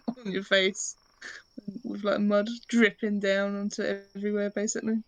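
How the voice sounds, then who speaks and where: A woman's voice: medium pitch, little pitch movement, moderate pace, no room sound, rough recording. A woman playing a tabletop game, giggly and playful as she describes her character's actions. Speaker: player.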